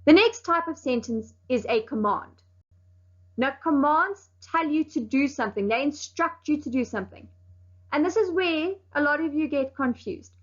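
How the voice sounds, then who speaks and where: A high-pitched woman teaches a recorded lesson to young pupils. She explains carefully and leans on key words with firm emphasis. The sound is a little dull and lo-fi. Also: lively intonation, moderate pace.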